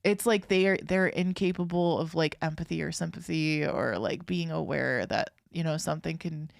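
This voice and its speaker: A young woman with a low, gravelly voice co-hosts a casual podcast, rambling through her stories with plenty of fillers and restarts. She laughs often, and the recording is close and dry. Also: normal speed, no room sound. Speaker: podcast co-host. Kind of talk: casual chat, storytelling.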